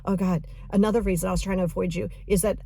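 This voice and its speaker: A woman's voice: medium pitch, steady tone, fast talker, creaky, warm tone, husky, no room sound. A woman hosting a podcast as a coach, talking casually and animatedly, laughing often as she retells what a client told her.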